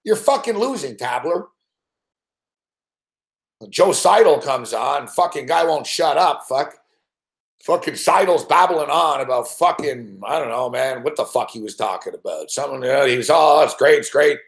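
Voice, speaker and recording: A man with a medium-pitched, animated voice and some vocal fry swears nonstop while hosting a live sports betting stream. His profane rant comes in frustrated bursts at normal speed, in an echoey room.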